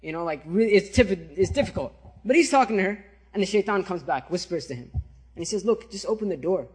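A man preaching, telling a story in an animated, conversational way and checking in with his listeners. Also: high voice, brisk, breathy edge. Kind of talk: sermon storytelling.

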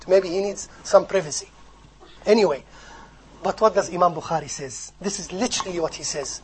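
A man preaching a sermon, animated, swinging from loud emphasis to soft asides and acting out quoted speech. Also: high-pitched, fairly quick, poor audio. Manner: acts out quoted speech and recites in Arabic. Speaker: Islamic preacher. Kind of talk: sermon on hadith scholars.

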